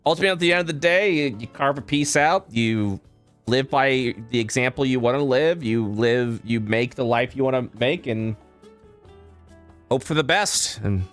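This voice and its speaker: A man's voice: medium pitch, moderate pace, soft background music. A man co-hosting a casual podcast, ranting and swearing a lot and repeating himself. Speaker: podcast co-host.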